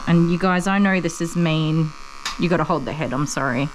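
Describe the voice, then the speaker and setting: A woman working as a dog groomer, chatting to viewers and explaining each step as she works, with soft cooing asides to a puppy. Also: sits low, moderate pace, a little hiss or hum. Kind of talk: casual vlog narration while working.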